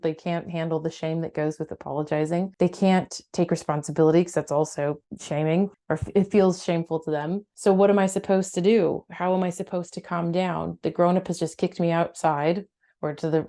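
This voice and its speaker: Mellow-voiced Australian woman therapist. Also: lowish voice. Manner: animated, acts out parent and child voices. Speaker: psychotherapist. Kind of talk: parenting advice talk.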